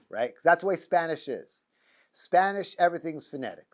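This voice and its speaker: Middle-aged man, slightly high pitch, rambling classroom lecturer with jokes and false starts. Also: animated, a little fast. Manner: rambling, joking, many restarts and stammers. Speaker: rabbi teaching a class. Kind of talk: informal lecture. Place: classroom with students.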